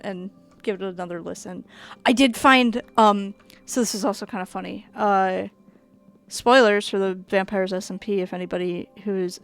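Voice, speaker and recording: Streaming a game, a young woman with a Minnesota accent chats away casually, laughing, rambling, cursing lightly and filling gaps with fillers. She has a clean, mid-range voice.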